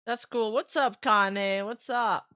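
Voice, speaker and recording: A woman streamer giving casual reaction commentary, excitable, laughing often and swearing. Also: mid-range voice, slow.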